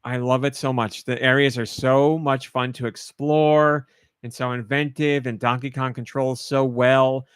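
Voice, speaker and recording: A man's voice: mid-range voice, flat delivery, unhurried, clear, resonant tone, no echo, clean studio sound. A man hosting a podcast in casual chat, gushing with emotion and getting choked up and tearful as he talks. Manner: emotional, gushing, laughs while choking up. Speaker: podcast host.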